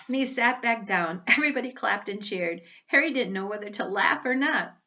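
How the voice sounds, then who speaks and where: A woman's voice: mid-range voice, lively intonation, normal speed, hardly any pauses, sharp tone, dull audio. Woman reading a storybook aloud.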